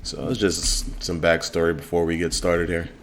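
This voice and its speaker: A man casually narrating a let's play of his own game demo, relaxed and rambling with fillers. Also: sits low, moderate pace, slight background noise.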